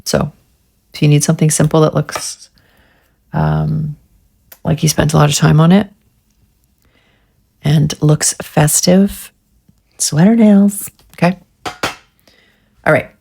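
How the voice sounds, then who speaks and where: A woman's voice: low-pitched, little pitch movement, takes it slowly, gravelly, long pauses, warm tone, husky. A woman vlogger chatting casually through a nail art tutorial, getting frustrated and swearing at herself.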